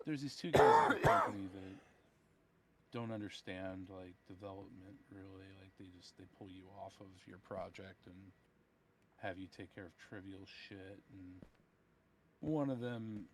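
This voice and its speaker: A tired man, a software developer, ranting about work with heavy swearing in a casual voice-chat conversation. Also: low voice, very animated, measured pace, pauses often, slight background noise, poor audio. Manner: profane, ranting, retells dialogue. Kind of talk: casual chat over voice call.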